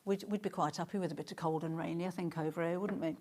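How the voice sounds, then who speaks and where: A middle-aged woman presenting on a live shopping stream. She chats warmly about the fabric and reads out viewer comments as she goes. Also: fairly low pitch, steady tone, fast talker, a little hiss or hum.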